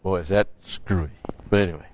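A man's voice: low voice, steady tone, brisk, slight background noise. A man preaching a sermon-style Bible teaching in a conversational, folksy way, repeating key phrases. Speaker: pastor. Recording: dry, dull lo-fi sound.

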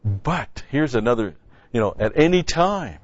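A man's voice: medium pitch, big pitch swings, measured pace, no room sound. A man preaching a sermon-style Bible teaching in a conversational, folksy way, repeating key phrases. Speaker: pastor. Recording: dry, dull lo-fi sound.

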